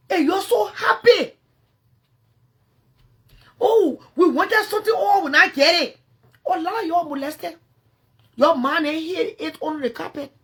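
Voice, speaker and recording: A high-voiced woman with a Liberian English accent, ranting into her phone on a livestream. She is confrontational and swears freely. Her voice drops to low mutters, then bursts out loud again. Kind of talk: angry livestream rant.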